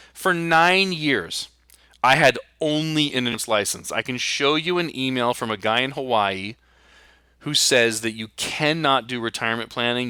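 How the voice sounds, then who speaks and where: A man's voice: mid-range voice, bright, forceful tone, clear, resonant tone, no echo, studio quality. A man hosting a podcast, delivering a fired-up, blunt and sarcastic solo monologue. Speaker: podcast host and retirement planner.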